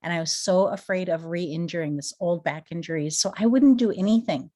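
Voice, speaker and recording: A woman in her forties from Minnesota, giving an earnest, emotional testimony as a guest speaker and rising into excited rhetorical questions. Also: lowish voice, a little fast. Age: 40s. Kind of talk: motivational company testimony.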